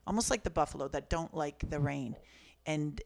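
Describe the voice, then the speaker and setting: A Canadian woman in her fifties, an author appearing as a guest, tells personal stories in conversation with earnest reflection and a soft-spoken manner. Her voice is low with vocal fry, her pace fairly quick, and there's background noise.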